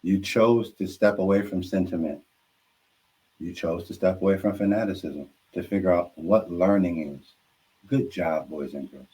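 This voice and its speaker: A man, a podcast guest, telling animated, profane jokes and stories and laughing as he talks. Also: low voice, normal speed, husky. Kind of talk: casual storytelling with jokes.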